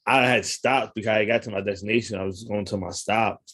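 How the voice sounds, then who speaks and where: A man's voice: fairly low pitch, steady tone, fairly quick, a bit bright, slightly rough. A man telling stories in casual chat, slangy and laid-back, laughing often.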